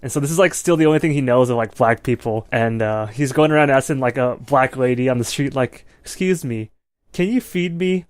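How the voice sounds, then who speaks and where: A man co-hosting a movie podcast, chatting at an ordinary middle pitch. He rambles through his points, leaning on filler words. The recording is close and dry. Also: fast talker, hardly any pauses, no echo. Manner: rambling, heavy use of "like" and "you know". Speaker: podcast co-host. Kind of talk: casual film review chat.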